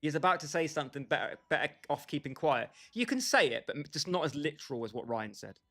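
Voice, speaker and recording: A man's voice: on the high side, animated, fast talker, vocal fry, fairly bright tone. A young man livestreaming a football game, bantering and joking with his chat and calling viewers by name. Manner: bantering, jokey, talks straight to chat by name. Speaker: gaming livestreamer.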